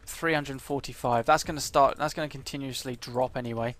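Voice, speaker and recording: A man with a medium-pitched, everyday voice talks through his strategy game in casual let's play commentary. He thinks aloud, pausing often and filling the gaps with "uh" and "um". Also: fairly even intonation, fairly bright tone. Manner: thinks aloud, hesitant, many fillers.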